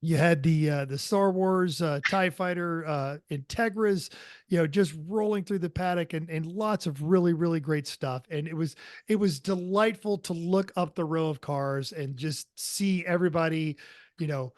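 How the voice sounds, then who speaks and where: A man's voice: fairly high pitch, normal speed, dry recording, clean studio sound. A man co-hosting a podcast in casual chat, rambling through stories with many fillers and asides. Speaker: podcast co-host.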